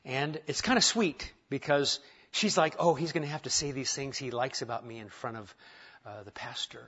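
A male pastor delivers a sermon in a church with easy humor, dropping to quiet asides and then lifting into emphatic, rising points. His voice sits in a middle pitch. The recording sounds dull and lo-fi. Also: normal speed, husky. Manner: conversational, self-deprecating humor, swings from quiet to emphatic. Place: church sanctuary.

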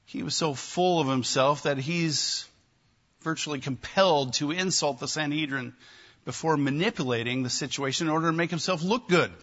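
A man preaching a sermon, emphatic and animated, with wry asides to his listeners. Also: a little high, moderate pace, dull audio. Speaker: pastor.

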